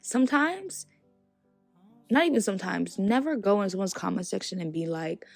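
A young woman hosting her own podcast, talking to listeners in an animated, outspoken way and laughing between her points. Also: mid-range voice, normal speed, gravelly, no echo, faint music behind. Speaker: podcast host. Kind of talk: casual solo podcast monologue.

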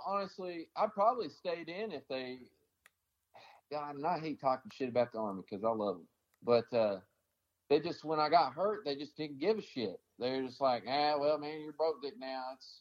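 A man's voice: mid-range voice, a little mellow, dull audio. A man from the American South, an army veteran, telling his stories bluntly in a casual interview, swearing often and rambling with many fillers.

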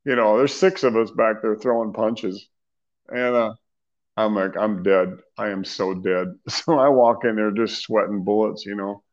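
A middle-aged man, a singer, being interviewed, telling stories in a loose, animated way with slang and laughs. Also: lowish voice, normal speed, muffled recording. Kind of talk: casual storytelling interview.

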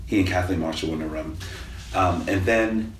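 A man in casual interview chat, talking in a relaxed, rambling way with many restarts. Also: deep voice, moderate pace. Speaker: guest actor. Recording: distant mic in echoey room, faint noise.

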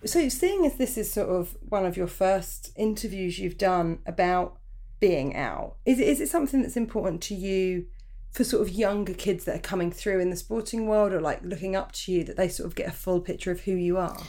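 A woman's voice: mid-range voice, animated, brisk, mellow. Woman comedian hosting, chatty and jokey, voice bouncing all over the place. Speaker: podcast host, comedian. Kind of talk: casual interview chat.

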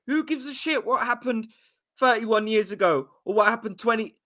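A man's voice: high-pitched, normal speed, bright, forceful tone. A brash, profane man in casual sports talk, calling everyone "bro" as a co-host.

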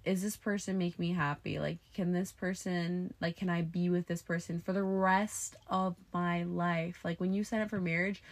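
A woman's voice: lowish voice, steady tone, moderate pace, hardly any pauses. A young woman co-hosting a podcast in casual chat, talking loosely with lots of "like", recorded on a clip-on mic in a closet. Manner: chatty, filler-heavy with lots of "like". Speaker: podcast co-host. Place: walk-in closet with comforter and pillows.

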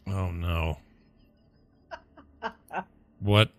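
A man's voice: deep voice, steady tone, drawn-out words, no echo. A man playing a grumpy, snappish wizard. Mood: impatient. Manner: irritable, snapping, cursing.

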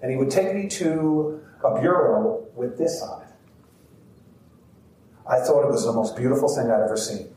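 A man's voice: mid-range voice, normal speed, long pauses, mellow. Man storytelling to a crowd from afar. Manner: heartfelt, addressing the crowd directly. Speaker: actor and storyteller. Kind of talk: live storytelling performance. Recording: roomy, distant outdoor sound with faint background noise.

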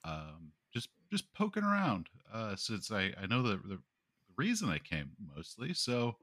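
A man's voice: fairly low pitch, huge pitch swings, unhurried, a bit bright, no room sound, clean studio sound. A man playing a tabletop horror game, talking through his character's actions in a hesitant, musing way with lots of fillers. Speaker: player.

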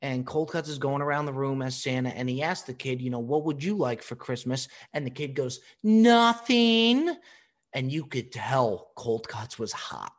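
Animated man telling stories. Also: medium pitch, a little fast, few pauses. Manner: animated, laughing storyteller. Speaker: podcast host. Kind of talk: casual storytelling and answering voicemails.

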